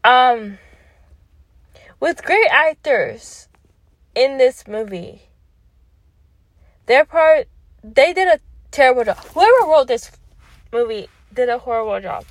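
A woman's voice: high-pitched, lively intonation, takes it slowly, long pauses, no room sound. A young woman with a Canadian accent giving a chatty, emphatic movie review from her parked car. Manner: chatty and emphatic, self-deprecating. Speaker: vlogger. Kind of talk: casual movie review vlog.

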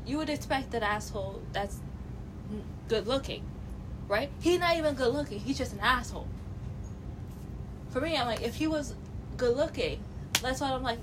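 Chatty young woman, blunt opinions. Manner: chatty, blunt, rambling with restarts and fillers. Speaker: reality show commentator. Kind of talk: casual opinion vlog. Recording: noticeable background noise with a low rumble.

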